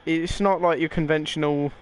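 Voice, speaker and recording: A man's voice: on the high side, fairly even intonation, normal speed. A young man casually commentating a game playthrough, swearing, laughing and rambling with fillers. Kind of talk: casual let's play commentary.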